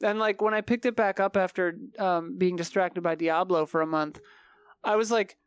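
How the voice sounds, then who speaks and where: A woman guest in a casual chat, animated, quick with asides and often laughing. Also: lowish voice, clear, resonant tone, dry recording, studio quality.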